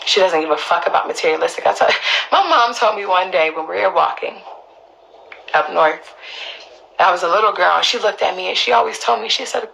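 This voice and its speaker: A woman's voice: on the low side, a little fast, vocal fry, a bit bright, slight background noise, low-quality recording. A woman on a live stream, talking emotionally and emphatically, swearing and repeating herself for stress, often asking listeners if they understand. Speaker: livestreamer speaking up for her mother.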